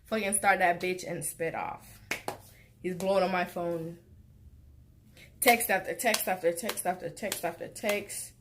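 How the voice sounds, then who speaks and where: Slow-talking, blunt young woman ranting. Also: on the low side, a little hiss or hum. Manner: blunt and profane, jumps to loud exasperated outbursts. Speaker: vlogger. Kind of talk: casual storytime rant.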